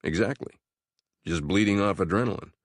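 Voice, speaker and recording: A man's voice: low voice, normal speed, no room sound. A man voicing a tough male navy commando who talks tersely with dry humor in an audiobook. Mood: wry. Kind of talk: audiobook character voice.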